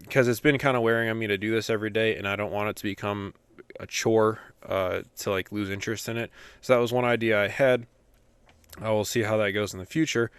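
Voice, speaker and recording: A man's voice: on the low side, fairly bright tone, clear, resonant tone, no echo. A young man hosting a daily Bible podcast, chatting casually with fillers and then reading scripture aloud steadily.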